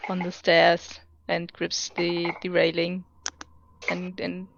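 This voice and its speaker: A woman's voice: lowish voice, monotone, slow, gravelly, muffled recording, a little hiss or hum. A woman playing a tabletop game, carefully describing her character's actions. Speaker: player. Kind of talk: tabletop role-play narration.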